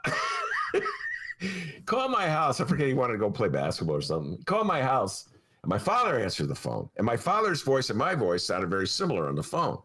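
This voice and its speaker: A man hosting a casual political talk show, telling rambling stories that break into shouted rants. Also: mid-range voice, huge pitch swings, brisk, slightly rough. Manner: rambling storyteller who breaks into ranting, shouted asides.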